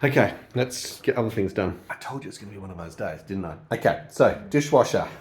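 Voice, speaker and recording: A man's voice: fairly low pitch, animated, fairly quick, slight background noise. A man with an Australian accent narrating a casual vlog, giving a running commentary as he does household chores. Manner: chatty, running commentary while doing chores. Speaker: vlogger.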